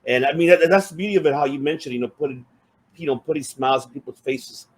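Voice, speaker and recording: A male interview host speaks quickly at a mid-range pitch, chatting casually. He sounds enthusiastic and often stumbles and repeats words while he finds what to say. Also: breathy edge.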